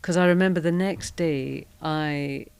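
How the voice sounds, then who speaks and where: A woman's voice: low-pitched, fairly even intonation, measured pace, vocal fry, darkish tone, clear, resonant tone, no room sound. A middle-aged woman with a Scottish accent, a podcast guest telling frank, self-deprecating anecdotes in a chatty way. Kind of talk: candid conversational storytelling.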